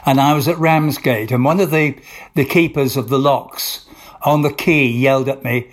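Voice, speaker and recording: In this interview, an older actor spins meandering stories, restarting often and performing the dialogue himself. He has a medium-pitched, steady voice and a moderate pace.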